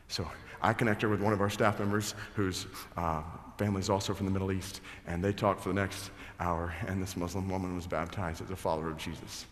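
Pastor preaching in an echoey church. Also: male voice, deep voice, fast. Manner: builds from hushed scripture reading to loud excited storytelling. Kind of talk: sermon. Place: large church hall. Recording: echoey hall reverb.

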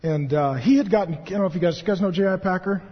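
A man in his thirties preaching a sermon as a pastor, animated and joking as he tells stories. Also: sits high, quick pace, breathy edge. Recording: dull, echoey hall recording.

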